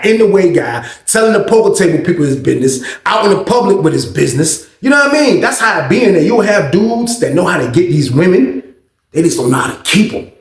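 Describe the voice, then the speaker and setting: A man spins a story in loose, profanity-laced talk, throwing himself into each voice he quotes. His voice sits high for a man, with a gravelly edge, and the room around him rings with echo. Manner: profane, animated, acts out the other speakers. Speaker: vlogger. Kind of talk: casual storytelling. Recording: roomy echo.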